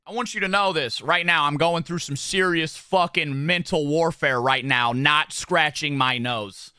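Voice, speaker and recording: A man's voice: a little high, animated, moderate pace, sharp tone, no echo. A young man chatting casually on a livestream while doing his makeup, talking in a profane, slangy, rambling way and repeating his phrases. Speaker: streamer.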